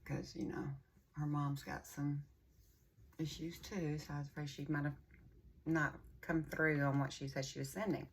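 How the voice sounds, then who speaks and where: Older woman, low gravelly rambling voice. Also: flat delivery, moderate pace. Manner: chatty, rambling storyteller with a warm folksy drawl. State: runny nose. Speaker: vlogger. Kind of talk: casual chatty vlog.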